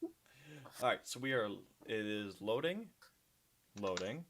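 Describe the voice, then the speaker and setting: An upbeat host chatting casually at the start of an online tabletop game stream. The pitch rises and falls in a lively way. It sounds like an everyday voice-call recording. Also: unhurried. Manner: animated, upbeat. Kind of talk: casual chat.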